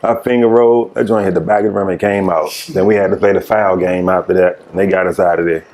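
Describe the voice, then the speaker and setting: A man's voice: sits low, fairly even intonation, fast talker, darkish tone. A man guest on a podcast, telling old basketball stories in a casual way and laughing through them. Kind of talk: casual storytelling.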